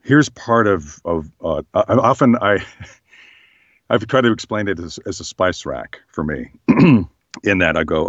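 A man, a voice actor, talking in a relaxed, thoughtful way in an interview, his voice slightly hoarse. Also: low voice, measured pace, no echo, highs cut off. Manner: relaxed, thoughtful, many fillers. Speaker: voice actor guest. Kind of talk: casual interview chat.

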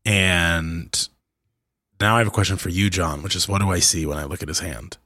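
A man playing a tabletop game who describes his moves haltingly, with many fillers. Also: low voice, sharp tone, dry recording, clean studio sound. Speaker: player.

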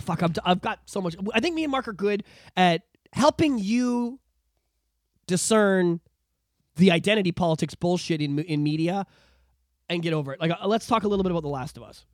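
A podcast co-host in casual chat, ranting with lots of swearing and animated outbursts, recorded on a podcast microphone. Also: medium pitch, no room sound, clean studio sound.

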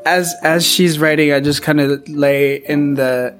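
A man's voice: fairly high pitch, fairly even intonation, unhurried, soft background music. A man playing a tabletop game, casually and hesitantly describing what his character does. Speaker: player.

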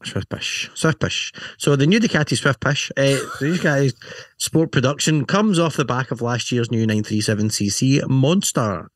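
A man's voice: mid-range voice, moderate pace, no echo, studio quality. Jokey man co-hosting a podcast. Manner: jokey, self-mocking, rambling asides. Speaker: podcast co-host. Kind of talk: casual banter reading bike news.

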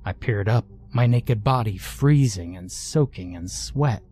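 A man narrating a horror story in a measured, deliberate way. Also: fairly low pitch, animated, dark tone.

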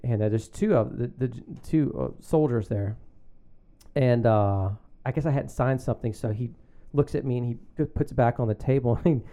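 A middle-aged man, guest on a talk show, spins an anecdote in casual chat. His voice sits in a mellow, darker register at an ordinary pitch. He rambles warmly with fillers and bursts of laughter. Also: moderate pace. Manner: animated, laughing storyteller with many fillers. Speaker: guest, magazine founder. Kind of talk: casual storytelling.

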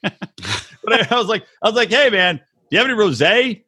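A man co-hosting a casual comedy podcast, swearing a lot and acting out quotes in an animated way. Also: sits high, fairly quick, husky. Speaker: podcast co-host. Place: recording room, west coast.

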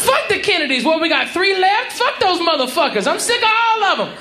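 A male comedian works a live club crowd with a brash, profane, mocking routine, his voice sitting fairly high and rising into shouts on the punchlines. The room is roomy, full of audience laughter and general noise. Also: very animated, brisk. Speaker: stand-up comedian. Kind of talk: stand-up comedy set.

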